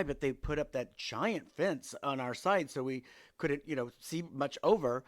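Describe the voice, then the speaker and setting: A man's voice: on the high side, normal speed. A man hosting a podcast, telling stories about his neighbors in a wry, exasperated way and acting out their lines. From Seattle area. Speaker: podcast host. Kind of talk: casual storytelling.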